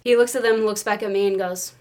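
A woman chatting casually and telling a lively story. She laughs often and breaks into little performances of what each person said. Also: mid-range voice, fast. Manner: animated storytelling, laughs often, acts out quotes. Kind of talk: casual chat.

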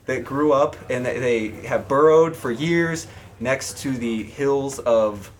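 A man's voice: medium pitch, slow pace, a little hiss or hum. A man running a casual tabletop game as game master, joking and laughing often.

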